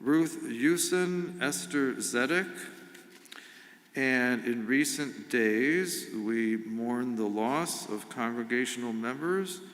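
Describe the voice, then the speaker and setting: A man's voice: mid-range voice, takes it slowly, fairly bright tone. A middle-aged man, a rabbi giving an informal sermon in a synagogue, speaking conversationally with humor and asides. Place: synagogue sanctuary. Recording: long reverb of a sanctuary.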